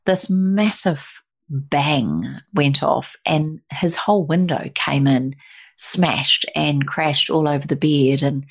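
A woman's voice: deep voice, steady tone, slow pace, breathy edge. A middle-aged woman telling a personal story in conversation, emotional and full of restarts and quoted voices.

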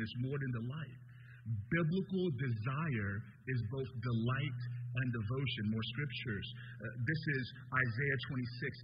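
High-voiced preaching man in an echoing hall. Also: a little hiss or hum. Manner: emphatic preaching, voice rising sharply on repeated calls to come. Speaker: pastor. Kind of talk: sermon. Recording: dull sound with long hall reverb.

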